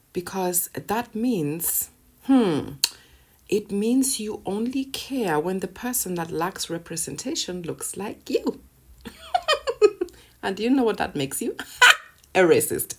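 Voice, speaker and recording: A woman vlogger ranting casually to camera, sarcastic and profane, with bursts of laughter between points. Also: low-pitched.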